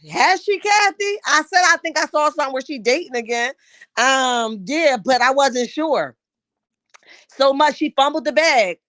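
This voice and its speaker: A woman rants in a sassy, scolding way while reading comments on a live stream. Her voice sits high and is wearing hoarse. The sound is dry and close, with no room echo. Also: a bit bright. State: losing her voice. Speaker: YouTube commentary host.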